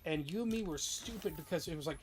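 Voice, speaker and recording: A young man streaming a game, telling a rambling, excitable story with lots of swearing in casual chat. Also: fairly high pitch, quick pace, slight background noise.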